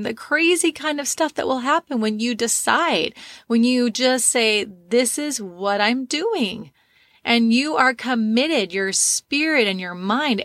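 A woman's voice: medium pitch, fairly bright tone, no echo. A woman in her fifties hosting a motivational podcast. She tells a story in a chatty way and then gives emphatic, encouraging advice to her listeners. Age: 50s. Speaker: podcast host, life coach.

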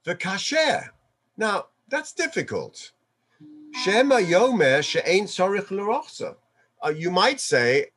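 Male rabbi, Torah sermon, higher-pitched voice, unhurried delivery, chuckles while explaining. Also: big pitch swings, fairly bright tone, slightly rough, faint music behind. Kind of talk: Torah sermon mixing Hebrew quotations.

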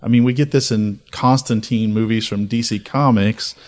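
A man with a fairly low, grounded voice hosts a relaxed podcast chat. He tells spooky folklore with a storyteller's pull and stacks up dramatic lists as he goes. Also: moderate pace. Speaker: podcast host. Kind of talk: casual chat.

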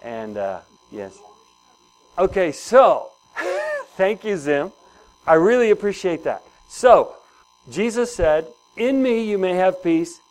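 A man's voice: high voice, huge pitch swings, takes it slowly, rough recording. A man preaching a sermon in a conversational way, asking the congregation questions and repeating key phrases. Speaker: pastor.

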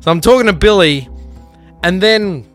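A man's voice: high voice, lively intonation, moderate pace, a bit bright, soft background music. A man hosting a podcast, giving a rambling, profane, earnest pep talk and telling a story. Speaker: podcast host. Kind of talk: casual pep talk and anecdote.

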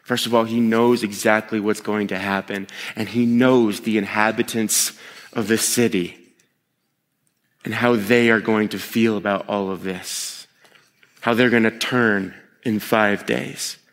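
A man preaching a sermon as pastor, talking in a lively, conversational way that swings between excited bursts and hushed asides. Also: fairly low pitch, a little slow. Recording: long hall reverb.

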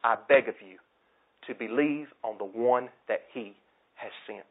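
A man preaching a sermon with passion, repeating his points and swinging from loud declarations to hushed asides. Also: medium pitch, unhurried. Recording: tinny phone-like sound.

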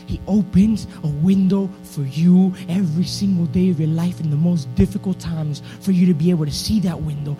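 A man preaching a sermon to a church, building from steady teaching into loud, urgent exhortation. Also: a little high, poor audio. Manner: preaching with rising intensity into shouted exhortation.

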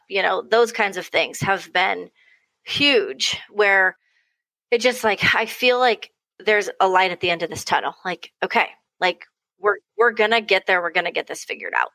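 Bright, lively young woman telling stories. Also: medium pitch, vocal fry, dry recording, poor audio. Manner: animated storytelling, acting out quoted voices, frequent laughs. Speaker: podcast guest, mother. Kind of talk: casual interview chat.

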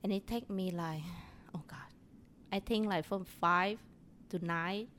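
A woman's voice: medium pitch, a little slow, fairly bright tone. A woman from Vietnam with a Vietnamese accent, chatting cheerfully as a podcast guest in broken English. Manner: cheerful, broken English with dropped verb endings. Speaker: nail technician guest. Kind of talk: casual podcast chat.

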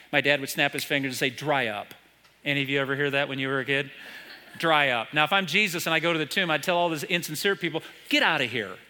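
A man with an American accent preaches a sermon from a church stage, his voice a little high, pushed and bright. He retells stories and poses rhetorical questions to the congregation, and the audio carries a long hall reverb.

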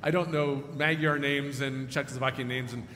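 A man preaching a sermon as pastor, telling a story and moving between hushed, quiet passages and emphatic, raised ones. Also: mid-range voice, steady tone, moderate pace. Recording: echoey hall with long reverb and faint noise.

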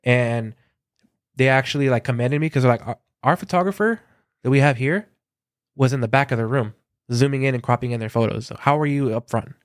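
A man from Southern California, a concert photographer, telling lively anecdotes in a casual interview and acting out quoted dialogue, with a lot of filler words. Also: medium pitch, fairly quick, clean tone, dry recording, studio quality.

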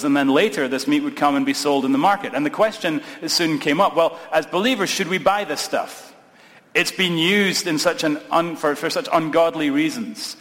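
Scottish pastor preaching in a reverberant hall. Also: male voice, on the high side, fairly bright tone. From Scotland. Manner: conversational, lightly humorous preaching. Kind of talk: sermon. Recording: long reverb of a large hall.

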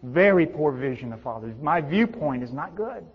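A middle-aged male pastor preaching a sermon, swinging between loud emphatic peaks and hushed low tones. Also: very animated, moderate pace, breathy edge. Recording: dull reverberant hall sound.

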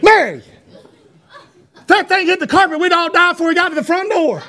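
A man's voice: extremely high pitch, lively intonation, brisk, sharp tone, a faint crowd, pitched above the performer's own voice, heavily acted. A preacher putting on his fretful daddy. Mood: alarmed. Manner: fretful, urgent warnings. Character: anxious Southern father warning his family of fire.

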